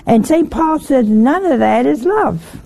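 A woman's voice: high voice, animated, a little slow, creaky, dark tone. An older woman giving a folksy sermon, often putting rhetorical questions to her listeners. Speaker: religious teacher.

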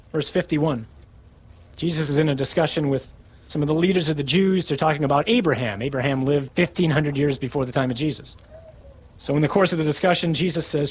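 A man preaching a sermon, reading scripture with rising emphasis and dropping low for key lines. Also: husky, low-quality recording.

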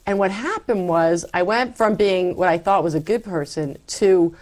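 A woman guest telling her faith story in an interview, animated and acting out her past self. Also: lowish voice, normal speed. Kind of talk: personal faith testimony.

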